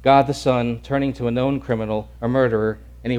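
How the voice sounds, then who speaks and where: A male preacher giving a dramatic sermon, swinging from shouted lines to hushed near-whispers and repeating words as he acts out the scene. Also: medium pitch, fairly even intonation, fairly quick, clear, resonant tone.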